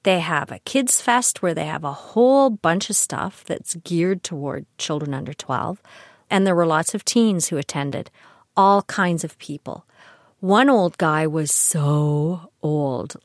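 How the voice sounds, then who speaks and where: A woman's voice: low voice, dry recording, clean studio sound. An older woman, a grandmother, telling personal stories in a chatty, candid and reflective monologue. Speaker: podcast host.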